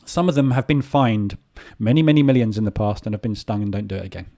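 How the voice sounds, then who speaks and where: A man's voice: lowish voice, fast talker, vocal fry, mellow. A man hosting a live trading session, talking casually and rambling with many filler sounds. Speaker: trading room host. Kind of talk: live market commentary.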